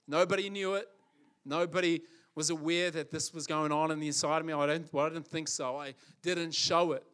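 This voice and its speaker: Male preacher, high voice, impassioned, emphatic, repeats for effect. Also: a bit bright, smooth. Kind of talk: sermon.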